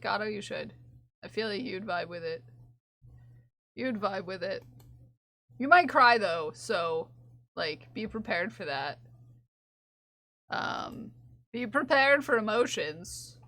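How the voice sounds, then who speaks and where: A woman's voice: medium pitch, pushed and bright, dry recording, studio quality. A young woman streaming from home, talking to her chat in a giggly, gushing way on a desk mic. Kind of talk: casual live-stream chat.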